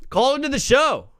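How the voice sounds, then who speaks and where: A man's voice: high voice, no echo, studio quality. A young man hosting a live sports talk stream, brash and rambling, joking as he reads the chat. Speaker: sports talk show host.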